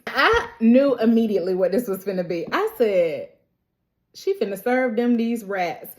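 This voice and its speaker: A woman, recapping a TV episode in a lively, casual way, laughing often and acting out the characters' lines in slang. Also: a little high. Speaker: TV recap host. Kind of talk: animated TV recap retelling scenes.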